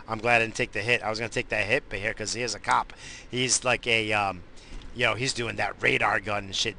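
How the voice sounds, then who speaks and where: A man rambling in a profane, easily distracted casual monologue while high. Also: steady tone, brisk, creaky, pushed and bright, slight background noise.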